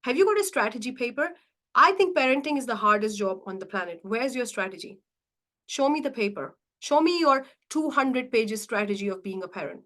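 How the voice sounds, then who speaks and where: Female mindset coach, live session, emphatic and questioning, slightly higher voice. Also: a little fast. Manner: animated, challenging rhetorical questions; acts out inner voices dramatically.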